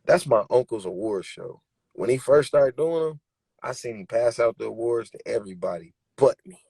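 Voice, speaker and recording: A man's voice: medium pitch, moderate pace, creaky, warm tone, husky, no echo. A young man, a rapper, telling his story in an interview with emphatic, streetwise conviction. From Bay Area, California. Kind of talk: candid interview talk.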